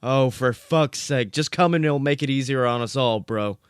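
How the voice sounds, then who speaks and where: A man's voice: medium pitch, moderate pace, smooth, no echo, studio quality, lightly acted. A man voicing a small, hotheaded, foul-mouthed male corgi who barks between words. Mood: brash.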